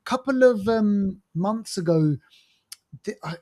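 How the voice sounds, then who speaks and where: A man's voice: high voice, lively intonation, slow, warm tone. A man co-hosting a podcast, reviewing movies in a casual, enthusiastic, rambling way with lots of fillers and restarts. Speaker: podcast co-host.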